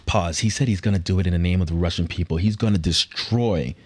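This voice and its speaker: A man's voice: deep voice, fast, darkish tone. A man hosting a podcast in joking, playful casual chat. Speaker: podcast host.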